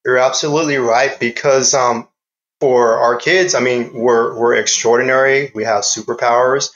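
Middle-aged male guest, calm and earnest storyteller, mid-range voice, steady low tone. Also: normal speed, highs cut off. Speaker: fitness trainer and parent guest. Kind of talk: podcast interview storytelling.

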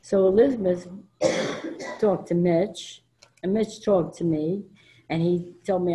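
An older woman from New York gives a personal testimony at a convention. She tells her story in a blunt, emphatic and animated way, and she acts out the lines of the people she quotes. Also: on the low side, slow, pauses often, low-quality recording. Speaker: speaker at a recovery convention. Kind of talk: personal testimony to a live audience. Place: convention meeting room before an audience.

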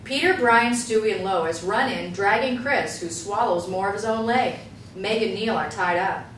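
A woman reading the stage directions aloud in a script table read, brisk and matter-of-fact. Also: medium pitch, a bit bright. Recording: echoey room, distant mic, faint hiss.

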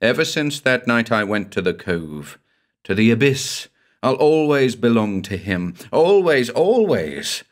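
A man's voice: medium pitch, sing-song, a little slow. A man voicing a terrified, half-possessed young woman who babbles and sobs. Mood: fevered. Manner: babbling, sobbing, pleading.

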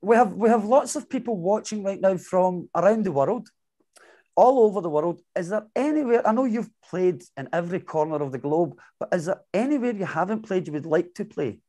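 A man's voice: high voice, expressive, fairly quick, warm tone. A man hosting an interview, asking friendly, joking questions. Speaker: interviewer host. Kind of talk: casual interview chat.

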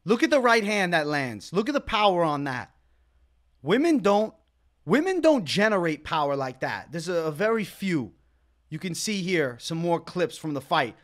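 A man's voice: high-pitched, a bit bright. A man giving angry reaction commentary on a fight, ranting indignantly and repeating words for emphasis. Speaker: MMA commentator.

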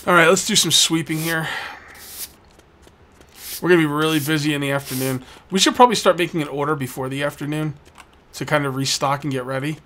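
Man, let's play host, casual jokey commentary, higher-pitched, talks to the customers on screen. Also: fairly even intonation, brisk, pauses often, bright, forceful tone, a little hiss or hum. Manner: jokey, chats with game customers.

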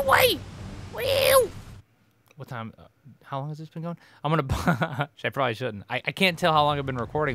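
A man giving goofy, excitable let's play commentary, trash-talking the game as he plays. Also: medium pitch. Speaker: gaming host. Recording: noisy game-audio mix. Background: game sound effects and vehicles.

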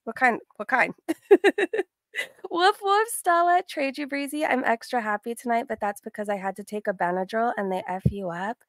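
A woman's voice: mid-range voice, steady tone, brisk, no room sound, clean studio sound. A young woman hosting a casual livestream, bubbly and giggly, greeting her chat by name. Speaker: livestream host.

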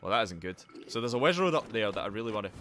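A Scottish man commentating his gameplay live, greeting viewers and yelling in panic when things go wrong. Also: on the low side, very fast, slight background noise. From Scotland. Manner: excitable, yelps and shouts in panic, greets chat. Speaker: streamer.

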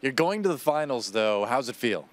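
A man's voice: mid-range voice, big pitch swings, normal speed. A man conducting a casual, upbeat post-match interview with a player.

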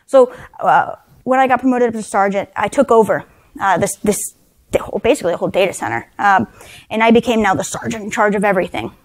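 A woman's voice: medium pitch, quick pace. A woman in her thirties giving a leadership talk at a conference, speaking conversationally with lots of "right?" tag questions and dry self-deprecating humor. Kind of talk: leadership talk to a live audience. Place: conference session room.

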